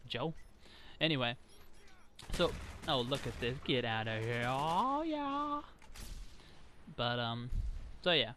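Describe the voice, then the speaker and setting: A young gaming vlogger with a mid-range, fairly bright voice rants casually over his gameplay, chatty and exasperated, with occasional trash talk. There's slight background noise.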